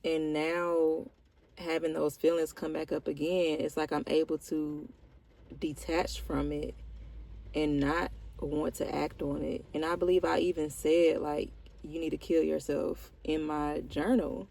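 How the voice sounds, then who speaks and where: A young woman talking candidly to her viewers in a vlog, slow, reflective and heartfelt, with casual slang. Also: low voice, flat delivery, gravelly, a little mellow. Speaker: vlogger. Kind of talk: candid personal check-in.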